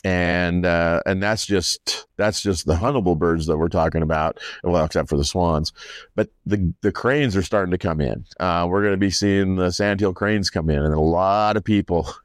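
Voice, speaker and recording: A man's voice: low voice, normal speed, clear, resonant tone, no room sound, studio quality. A man, a farmer, telling stories in a rambling, casual way and quoting people as he goes. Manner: rambling storyteller, many restarts and quoted dialogue. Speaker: farmer and landowner guest. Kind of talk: casual conversation.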